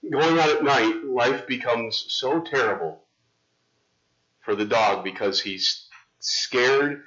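A male pastor preaching a sermon in a chatty, animated storytelling way. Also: medium pitch, unhurried, dull audio.

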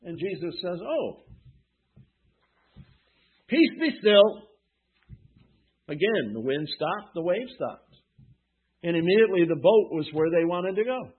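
A pastor preaching a sermon who asks the congregation questions and answers them himself. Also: male voice, a little high, expressive, normal speed, slightly rough. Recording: tinny phone-like sound.

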